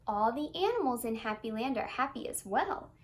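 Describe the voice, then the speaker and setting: Woman, children's book read-aloud, high voice, very lively, singsong, expressive. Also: normal speed. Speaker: storyteller.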